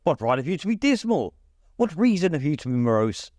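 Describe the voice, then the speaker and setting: Guy doing a chirpy young nephew, high and lively, pleading. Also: moderate pace, no echo, studio quality. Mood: gently teasing. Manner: cheerful, pleading. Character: bright eager young male nephew.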